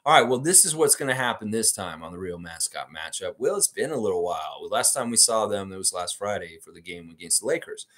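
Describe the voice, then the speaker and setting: A man's voice: low-pitched, lively intonation, fast talker, hardly any pauses, fairly bright tone. A man hosting a live basketball preview stream, chatting casually, reading viewer comments aloud and rambling animatedly. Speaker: sports channel host.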